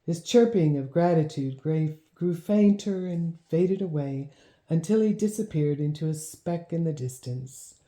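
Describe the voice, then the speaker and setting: Low, mellow woman reading a storybook. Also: a little slow. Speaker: audiobook narrator. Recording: roomy echo.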